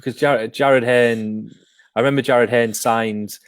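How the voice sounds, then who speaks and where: A man's voice: medium pitch, fairly even intonation, a little slow, smooth, dry recording. A man hosting a casual sports podcast, reading viewer comments aloud and hesitating often with ums. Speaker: podcast host.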